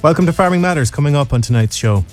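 An Irish man reading the weather forecast and introducing a farming radio show in a steady, measured way. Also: a little high, over loud music. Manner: measured, steady broadcast delivery.

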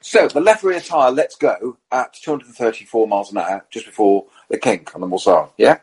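A middle-aged man and racing driver on a podcast, telling motorsport anecdotes in a lively way and acting out the quotes. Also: mid-range voice, a little fast, slightly rough, poor audio.

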